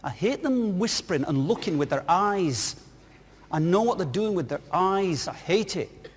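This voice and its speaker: A man's voice: high-pitched, lively intonation, a little slow, slightly rough, exaggerated voice. A man quoting his wife, a fed-up, indignant middle-aged woman complaining. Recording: reverberant hall.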